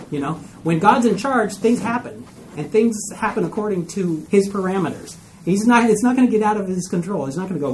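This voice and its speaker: A man's voice: high voice, poor audio. Man, Bible study teacher, casual classroom lecture, keeps asking "okay?", faint room hum. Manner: chatty, checks in with "okay?" and "right?" often.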